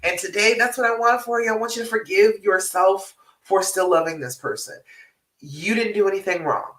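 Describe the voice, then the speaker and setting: A woman relationship coach talks to her live-stream audience in a bright, sharp voice. She is direct, frank and encouraging, often checks in with her listeners and laughs easily. She sits a little back from the mic in an echoey room. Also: mid-range voice, normal speed, far from the mic. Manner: direct and encouraging, tag questions like "all right?".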